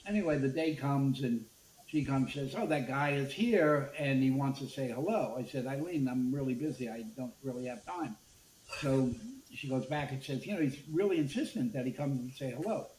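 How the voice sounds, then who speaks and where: An older media executive from Brooklyn, USA, tells anecdotes in an interview, animatedly acting out the dialogue. His medium-pitched voice moves at a moderate pace, and the recording has a roomy echo with faint background noise.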